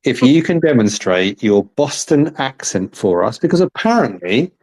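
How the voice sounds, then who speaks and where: A man's voice: medium pitch, sing-song, normal speed, darkish tone. A man hosting a casual interview, chatty and teasing. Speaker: podcast host interviewer.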